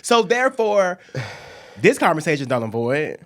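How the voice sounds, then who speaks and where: A young man from Atlanta, co-hosting a casual chat, playful and teasing and quick to laugh. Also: fairly high pitch, sing-song, fairly bright tone. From Atlanta, Georgia. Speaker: podcast co-host.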